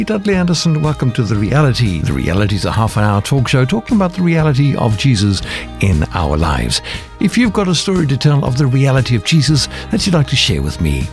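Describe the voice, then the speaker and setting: A man hosting a talk show, reading a scripted introduction and interviewing a guest in a measured presenting voice. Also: medium pitch.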